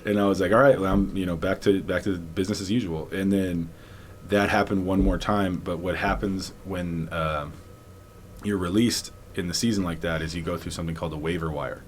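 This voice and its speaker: Low-voiced man telling a rambling story. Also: fairly even intonation, brisk, a little hiss or hum. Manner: rambling, many likes and restarts, laughs often. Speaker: podcast guest, former football player. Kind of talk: casual storytelling interview.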